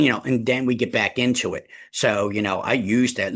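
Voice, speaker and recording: A man leading a real estate team meeting, emphatic and repetitive, often addressing the room as ladies and gentlemen. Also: on the low side, moderate pace, slightly rough. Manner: emphatic, repeats key phrases, addresses listeners as ladies and gentlemen. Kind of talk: motivational team meeting talk.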